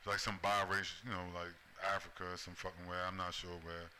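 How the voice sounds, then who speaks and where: Man, commentary host, profane rant, very bright tense voice, faint background noise. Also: low-pitched, little pitch movement, brisk. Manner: profane, repeats "right?" as a tag. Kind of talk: ranting video commentary.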